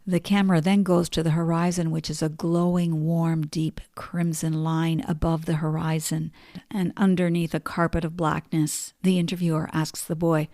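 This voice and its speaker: A middle-aged woman hosting a podcast, telling stories and reading passages in a calm, measured way. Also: on the low side, dry recording, studio quality. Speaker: podcast host. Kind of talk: reflective spoken essay, reading quotes aloud.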